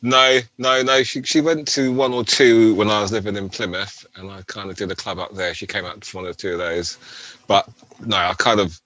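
A man's voice: on the low side, steady tone, moderate pace, sharp tone, no room sound. A man in his forties, a rave MC guest, chatting casually and rambling, often adding "do you know what I mean". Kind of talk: casual interview chat.

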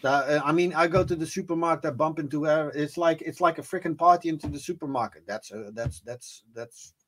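A man's voice: fairly high pitch, fairly quick, slight background noise. A man from the Netherlands, a native Dutch speaker, chatting as a guest DJ in an interview. He talks hesitantly, restarts often and laughs easily. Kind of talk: casual interview chat.

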